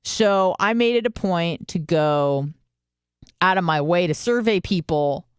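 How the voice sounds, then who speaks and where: A woman's voice: fairly low pitch, animated, unhurried, clean tone, no echo, clean studio sound. Profane young woman radio host. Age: 20s. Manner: candid, profane, self-deprecating storytelling. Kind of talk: casual monologue.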